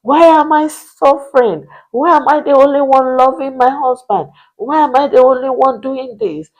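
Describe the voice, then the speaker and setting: Woman playing a whiny, tearful wife, pitched up, wailing questions, mellow tone. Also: steady tone, measured pace, muffled recording. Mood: pleading. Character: tearful pleading wife begging her husband.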